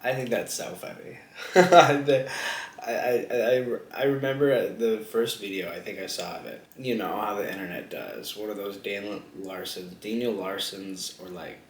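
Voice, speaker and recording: Young man, mukbang vlogger, rambling, giggly, lowish voice, echoey room, faint background noise. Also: measured pace. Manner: rambling, giggly, lots of fillers and laughs. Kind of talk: casual chat while eating on camera.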